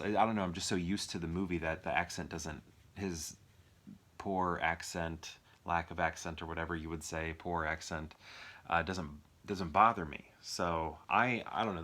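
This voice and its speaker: A young man with a low, deep voice talks through his movie collection in an unscripted, casual way. He rambles, trails off and restarts often, filling pauses with ums and uhs as he picks films off the shelf at home. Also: bright, forceful tone. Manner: rambling, many fillers and restarts. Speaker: movie reviewer. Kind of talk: impromptu casual movie chat.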